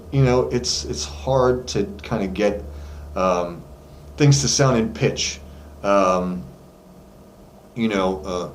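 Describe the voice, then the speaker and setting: With a lowish voice and a measured pace, a vocal coach chats loosely through a casual singing lesson to camera at his studio. He uses many fillers and demonstrates by singing notes. The sound is echoey, with faint noise in the background.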